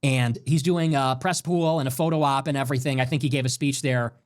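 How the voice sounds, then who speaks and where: A man's voice: medium pitch, brisk. A man running his own livestream show, ranting with emphasis and frequent swearing while sick with a fever. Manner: animated, emphatic, swears often.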